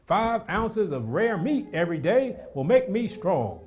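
A middle-aged man preaching a sermon, animated and repetitive, with asides to the congregation. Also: high-pitched, a little slow.

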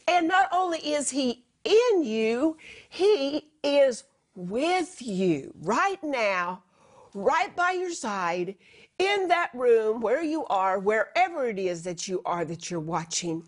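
A woman co-hosting a Christian program who speaks earnestly and directly to the viewer. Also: high voice. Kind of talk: ministry talk to viewers.

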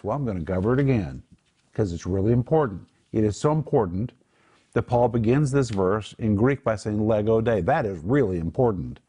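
A man's voice: on the low side, animated, a little fast, dark tone, breathy edge. An older man hosting a Bible teaching program, earnest and emphatic as he explains Greek words. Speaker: Bible teacher and show host.

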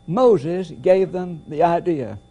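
A man preaching a sermon, deliberate and emphatic, repeating key phrases. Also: high-pitched, mellow, husky. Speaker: pastor.

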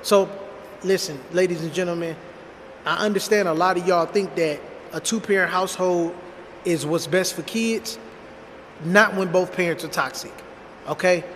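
A high-voiced man in his thirties tells a personal story bluntly and casually. He talks straight to his viewers with lots of slang. His voice carries a long reverb, with a faint hum underneath. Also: moderate pace, long pauses, fairly bright tone. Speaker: storytime vlogger.

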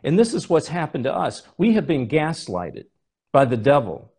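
Man preaching, husky voice, lively pitch swings, rhetorical questions, sermon. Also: moderate pace. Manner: animated storytelling, rhetorical questions.

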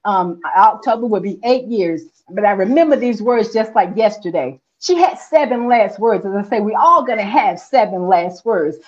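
A woman's voice: mid-range voice, animated, moderate pace, hardly any pauses. A woman preaching a sermon with rhythmic repetition and rising emphatic calls. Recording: lo-fi muffled recording.

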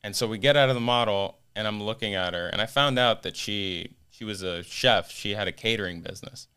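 Man, podcast guest, bright tone, smooth clear voice, casual animated storytelling, swears. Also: on the low side, fairly quick. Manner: animated, acts out quoted voices.

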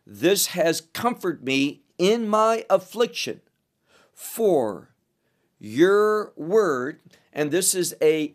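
A man teaching scripture verse by verse, speaking deliberately and asking his listeners questions. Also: on the high side. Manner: slow, deliberate, with rhetorical questions. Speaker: Bible teacher.

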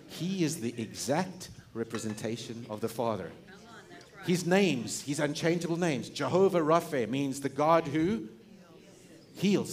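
A middle-aged man preaching a sermon as pastor, animated and conversational, often restarting his sentences and laughing. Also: fairly high pitch.

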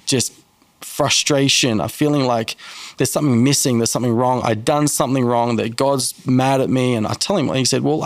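Gravelly man telling a testimony. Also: mid-range voice, no echo. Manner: earnest, halting storytelling with many restarts. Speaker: guest telling his testimony. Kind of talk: personal testimony in an interview.

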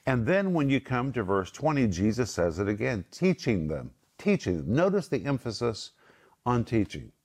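A middle-aged man teaching the Bible on a broadcast, speaking emphatically and slowing down to stress key words. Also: medium pitch, sing-song, a little mellow, husky. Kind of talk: Bible teaching with scripture quotes.

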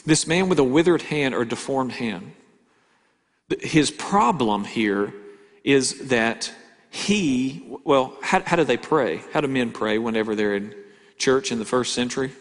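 A male pastor preaching a sermon, asking rhetorical questions and swinging between loud emphasis and quiet asides. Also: mid-range voice, lively intonation, slow, pauses often. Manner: conversational preaching with rhetorical questions and dramatic shifts in volume. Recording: hall reverb.

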